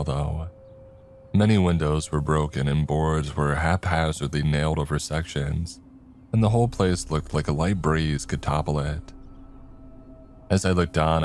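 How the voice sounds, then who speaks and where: A man narrating a horror story in a steady, even storytelling manner. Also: rumbling low, slight background noise.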